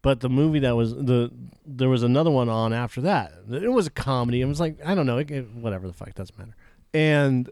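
Smooth-voiced laid-back podcast guy. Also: mid-range voice, expressive, fast, darkish tone, dry recording, clean studio sound. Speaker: podcast co-host. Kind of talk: casual chat.

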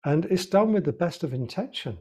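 A man's voice: on the high side, animated, a little fast, a little mellow, breathy edge. A man, a life coach and author, explaining ideas earnestly in an interview with lots of examples. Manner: earnest, example-driven, repeats words while thinking.

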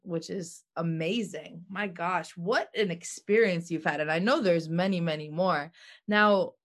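A woman's voice: fairly low pitch, unhurried. A woman interviewing a guest, answering him with brief, encouraging remarks. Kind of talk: casual interview.

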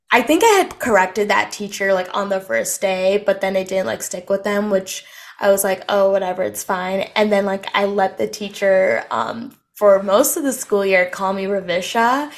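In casual podcast chatter full of fillers, a young woman from the US serves as co-host. She has a mid-range voice and talks a little slowly.

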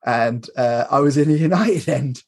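A man's voice: medium pitch, moderate pace. A man, chatting casually as a podcast guest, laughing often and restarting his sentences. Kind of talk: casual chat.

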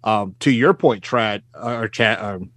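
Halting low-voiced man, dry recording. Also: a bit bright, dry recording. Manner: halting, thinks aloud with many fillers. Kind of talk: casual film discussion.

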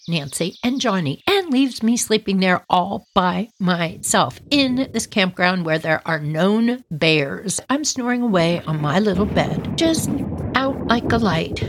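Woman, middle-aged, storytelling host, animated, dramatic, medium pitch, noisy recording. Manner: animated, dramatic, swoops into high voices. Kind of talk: personal storytelling podcast.

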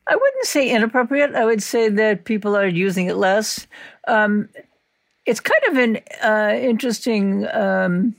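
A woman's voice: mid-range voice, animated, measured pace, gravelly, dry recording, studio quality. A woman, a linguistics professor, speaking as a podcast guest in a thoughtful, conversational way and laughing often. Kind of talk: conversational interview.

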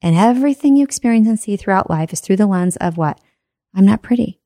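A woman delivers a motivational talk at an ordinary middle pitch, emphatic and direct. She leans on rhetorical questions and keeps checking in with the listener. The sound is dry, with no room echo. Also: expressive, fast talker, mellow. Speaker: personal growth speaker.

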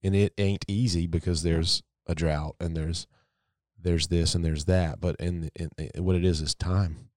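A man's voice: deep voice, steady tone, unhurried, a little mellow, dry recording, studio quality. A man chatting casually on a podcast, agreeable and reflective, with lots of fillers. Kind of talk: casual chat.

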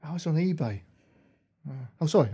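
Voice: mid-range voice, expressive, a little fast, mellow, husky. A podcast co-host chatting casually, distracted while hunting for notes and looking things up. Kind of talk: casual chat.

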